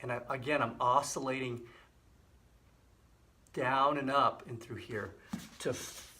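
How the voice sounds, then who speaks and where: A middle-aged man hosting a health channel, explaining and demonstrating a hand exercise in a relaxed, repetitive way with frequent fillers. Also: mid-range voice, unhurried, a little hiss or hum. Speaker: physical therapy host. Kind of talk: casual instructional demonstration.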